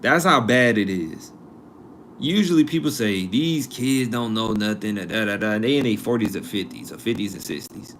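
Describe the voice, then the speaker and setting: A young man in his twenties talks loosely on a live stream, joking and reacting to chat as he browses college numbers. His voice sits fairly low. A faint hum of noise runs underneath. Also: moderate pace, a bit bright. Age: 20s. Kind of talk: casual live-stream commentary.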